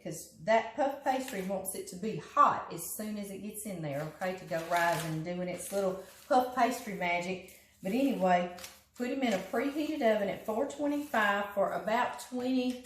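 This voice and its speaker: A chatty Southern woman walks through a recipe in her home kitchen, folksy and quick to laugh. Her voice sits at an ordinary middle pitch, and the room rings with a noticeable echo under a faint background hiss. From Louisiana. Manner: chatty, folksy, laughs often, calls food "him". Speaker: home cooking show host. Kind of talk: casual cooking demonstration.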